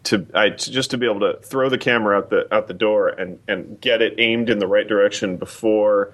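A man with a fairly low voice, talking as a podcast guest. He wanders through long, casual stories, stopping and restarting his sentences as he goes. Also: steady tone, fairly quick, fairly bright tone. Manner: rambling anecdotal storytelling with many restarts.

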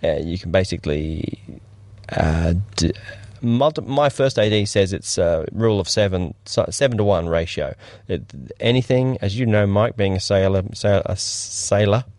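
Low-voiced man telling stories. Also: moderate pace, dry recording. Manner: rambling anecdotes with lively acted-out quotes. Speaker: podcast co-host, cinematographer. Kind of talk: casual chat.

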